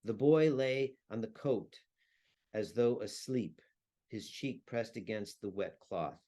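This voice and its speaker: Male historian, lowish voice, measured delivery with hesitations, gives a talk and reads. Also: mellow. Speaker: historian and translator. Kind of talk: talk with a read-aloud excerpt.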